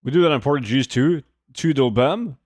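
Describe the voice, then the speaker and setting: A man's voice: mid-range voice, moderate pace, no echo. Man chatting casually on a dry stream. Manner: rambling, joking, reads chat aloud. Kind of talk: casual livestream chat with viewers. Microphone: desk microphone.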